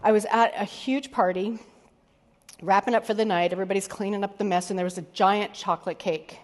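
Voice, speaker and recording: A woman's voice: mid-range voice, steady tone, fairly quick. A woman executive coach giving a motivational keynote talk in a candid, conversational way, swearing casually now and then. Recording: long hall reverb.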